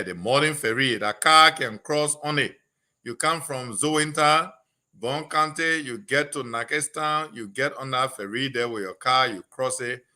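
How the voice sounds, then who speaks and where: A man's voice: mid-range voice, bright, forceful tone. A man with a Liberian English accent, a politician guest telling stories on a radio talk show, quoting constituents.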